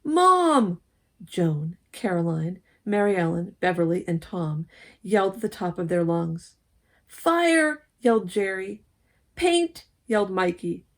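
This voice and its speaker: A woman reading a children's story aloud at a church service, lively and expressive, with asides to the listeners. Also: fairly low pitch, normal speed. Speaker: lay speaker at a church service.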